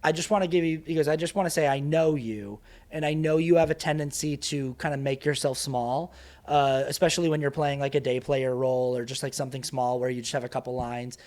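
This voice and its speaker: A man on a podcast telling a story in a casual, animated way, laughing often and acting out what other people said in a raised voice. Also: mid-range voice, brisk. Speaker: guest actor and creator.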